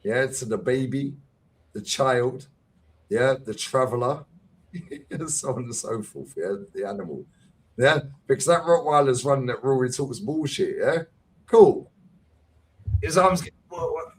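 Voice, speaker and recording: Husky, lively man. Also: medium pitch, unhurried, long pauses. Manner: swearing, slangy, lively storytelling. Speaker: host of a fan talk stream. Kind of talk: casual chat.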